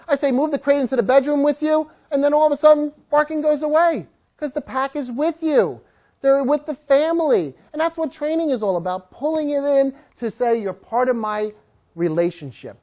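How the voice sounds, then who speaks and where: Animated man teaching a dog class. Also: very high-pitched. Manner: animated storytelling, jokes with the audience. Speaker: dog trainer. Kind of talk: lively class talk to a live audience.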